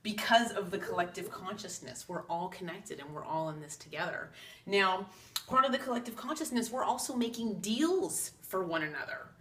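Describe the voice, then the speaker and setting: A woman's voice: medium pitch, lively intonation, normal speed, a bit bright. A woman casually talking to camera about spiritual ideas in an earnest, chatty way, slipping into quoted asides. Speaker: psychic channel host. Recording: roomy echo, from a distance.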